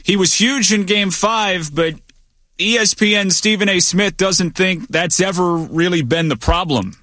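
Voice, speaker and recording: A male sports radio anchor reading a scripted news roundup in a brisk delivery packed with statistics. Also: high-pitched, sharp tone, no room sound, studio quality. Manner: brisk, stat-heavy delivery.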